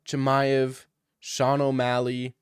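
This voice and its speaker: A man's voice: mid-range voice, completely flat delivery, slow pace, clear, resonant tone, no room sound, clean studio sound. A man on a stream casually answering viewer questions, joking and ranting in mock outrage.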